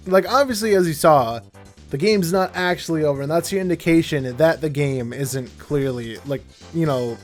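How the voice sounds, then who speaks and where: A young man giving casual, rambling commentary while playing a video game, often correcting himself mid-sentence. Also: a little high. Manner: rambling, self-correcting, chatty. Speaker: gameplay commentator. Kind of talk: casual let's-play commentary.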